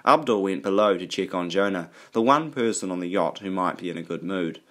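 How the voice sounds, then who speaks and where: A man reading an audiobook aloud in a steady, even storytelling manner. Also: low-pitched, fairly quick. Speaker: audiobook narrator. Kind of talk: audiobook narration.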